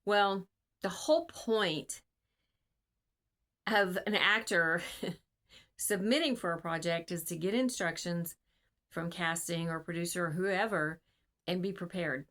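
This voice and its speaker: A woman's voice: on the low side, measured pace, pauses often, fairly bright tone. Earnest, rambling woman casting director. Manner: rambling, filler-heavy and earnest. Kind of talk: casual advice talk to camera. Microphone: video call.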